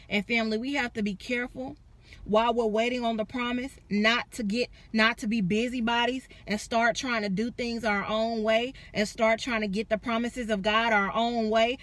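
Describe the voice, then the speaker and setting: A young adult woman giving a casual sermon, telling the story with animated, acted-out quotes. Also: fairly high pitch, moderate pace. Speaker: preacher.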